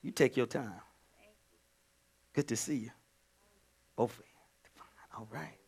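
A male pastor delivering a sermon, dropping to hushed whispers and then rising to shouted cries of praise. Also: medium pitch, slow, vocal fry, slightly rough. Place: church sanctuary.

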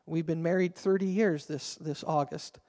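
A man in his fifties, a pastor preaching a sermon with an animated storytelling manner, swinging between quiet and loud. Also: fairly high pitch, normal speed, long reverb tail.

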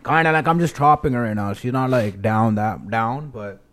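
A man's voice: medium pitch, moderate pace, fairly bright tone. A young man with a Toronto accent, a podcast guest chatting casually, brash and full of slang. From Toronto, Canada. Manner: brash, heavy on slang, ends lines with "bro". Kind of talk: casual chat.

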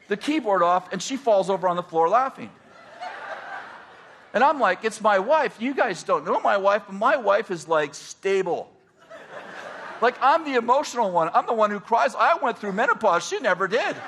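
A middle-aged man, a pastor, telling stories in a casual, animated way and laughing often as he talks. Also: high voice, slight background noise. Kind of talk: casual storytelling.

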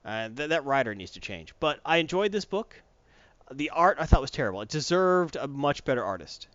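Animated man retelling a comic. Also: mid-range voice, brisk, dry recording, dull audio. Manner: recaps a comic with animated, mocking put-on voices. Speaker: comic book podcast co-host. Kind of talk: casual chat.

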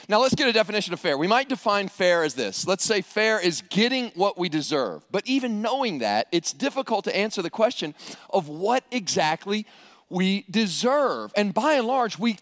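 A middle-aged male pastor preaching a sermon, animated, acting out quoted voices and often repeating words as he goes. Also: high-pitched, no room sound, clean studio sound.

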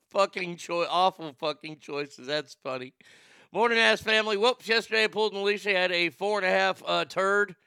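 A man with a bright, forceful voice hosts a live stream, chatting casually and reading viewers' messages aloud. His tone is smooth and crisp, and it jumps into loud, animated bursts. The sound is dry and close to the mic. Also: sits high, normal speed, dry recording. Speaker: livestream host reading chat. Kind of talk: casual chat.

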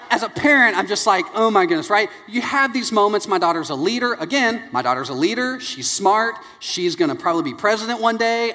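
A man in his thirties preaching a sermon, telling family stories and acting out their voices with lively energy. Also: high voice. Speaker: pastor. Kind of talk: sermon with anecdotes. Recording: long hall reverb.

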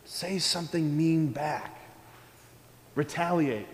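A man's voice: high-pitched, lively intonation, rapid-fire, darkish tone, roomy sound, big-room sound. A man voicing a sly tempter devil who whispers coaxing suggestions, as part of a children's homily.

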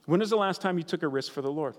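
A man's voice: on the high side, very fast. A man preaching a sermon as pastor, earnest and conversational, repeating key phrases for emphasis. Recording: reverberant hall sound.

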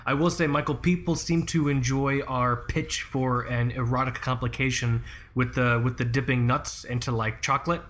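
A man's voice: medium pitch, steady tone, normal speed, a bit bright. A man co-hosting a podcast in casual banter, rambling and joking at his own expense. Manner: rambling, jokey, self-deprecating. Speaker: podcast co-host.

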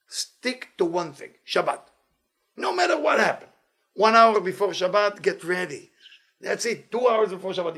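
Man, Torah teacher, husky voice, high pitch, playful, animated. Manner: animated, playful, non-native English phrasing. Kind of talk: weekly inspirational Torah talk.

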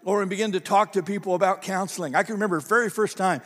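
Male pastor, high voice, conversational preaching style, repeats phrases, reverberant sanctuary. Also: racing, fairly bright tone. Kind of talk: sermon.

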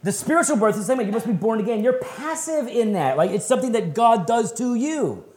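A man preaching a sermon at a men's retreat, animated and conversational, with folksy slang and laughing asides. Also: very high-pitched, brisk, roomy sound, slight background noise. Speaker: pastor.

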